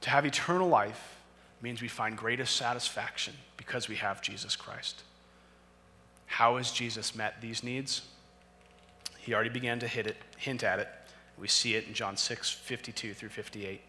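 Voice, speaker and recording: A man delivers a sermon with a bright, forceful edge to his voice. He moves from steady scripture reading to swelling, emphatic preaching. His voice carries a long reverb, as in a large hall. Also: mid-range voice, moderate pace. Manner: reads scripture then preaches, rising to impassioned emphasis.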